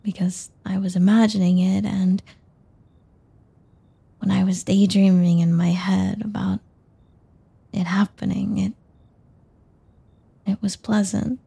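A woman's voice: mid-range voice, little pitch movement, takes it slowly, gravelly, long pauses, mellow, breathy edge, exaggerated voice. A woman playing a nervous, stumbling young woman. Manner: stumbling, hesitant, with many restarts. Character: shy, nervous young woman, awkward and self-doubting. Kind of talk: audio role-play.

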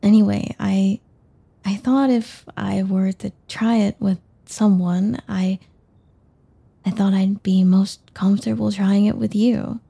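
A woman's voice: medium pitch, fairly even intonation, takes it slowly, vocal fry, mellow, husky, full character voice. A woman playing a nervous, stumbling young woman. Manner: stumbling, hesitant, with many restarts. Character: shy, nervous young woman, awkward and self-doubting. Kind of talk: audio role-play.

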